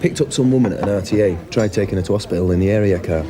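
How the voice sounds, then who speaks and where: An actor playing a cynical, dismissive police officer in a TV police drama, with an English accent. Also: male voice, lowish voice, racing, warm tone, natural voice. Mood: scornful. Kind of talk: 1990s TV police drama acting.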